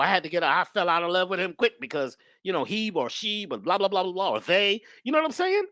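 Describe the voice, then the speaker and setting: A woman's voice: fairly low pitch, big pitch swings, fast talker, few pauses, a bit bright, no echo, clean studio sound. A woman guest speaker talking in an emphatic, preachy but casual way about spirituality and love. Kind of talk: spiritual talk, casual conversation.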